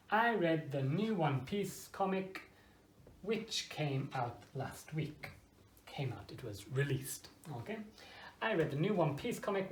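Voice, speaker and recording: An English teacher giving an online grammar lesson to Japanese learners, speaking simple, slow English, often checking with "okay?" and exaggerating intonation to demonstrate. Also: mid-range voice, a little hiss or hum. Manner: frequent checking "okay?" with students; drops in short Japanese phrases. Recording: echoey room.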